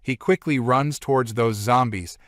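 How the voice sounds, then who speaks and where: A man's voice: medium pitch, normal speed, no echo. Man narrating a comic recap, dry sound. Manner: plain retelling strung together with "and then".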